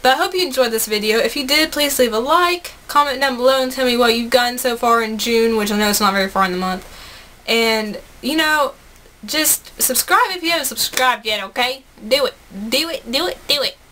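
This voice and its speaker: Young female gaming vlogger, high and sharply bright, bubbly rambling chat. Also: a little fast, slight background noise. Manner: chatty and bubbly, rambling with laughs and asides. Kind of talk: casual chat to camera.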